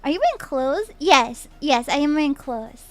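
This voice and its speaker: A young adult woman with a high-pitched, very animated voice talks at a moderate pace while streaming as a VTuber. She reads chat out loud and banters playfully with viewers, laughing often and repeating her own words.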